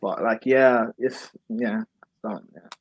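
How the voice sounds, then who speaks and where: A young man from Ireland with an Irish accent softened by London speech, chatting bluntly and swearing casually. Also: fairly low pitch, fairly even intonation, takes it slowly, lo-fi sound, slight background noise. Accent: Irish, mixed with London. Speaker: stream host. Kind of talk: casual chat.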